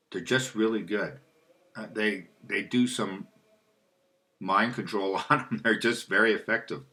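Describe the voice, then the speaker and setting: Low-voiced rambling man. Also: bright, forceful tone. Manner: rambling, loses track, asks dowsing questions aloud. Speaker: spiritual video host. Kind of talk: rambling monologue.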